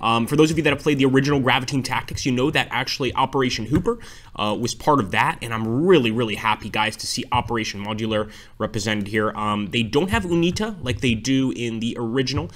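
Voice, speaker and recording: A man's voice: medium pitch, fast talker, a bit bright. Eager man commentating a war game. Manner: enthusiastic, keeps addressing viewers as guys. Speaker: gameplay commentator. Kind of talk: let's-play commentary.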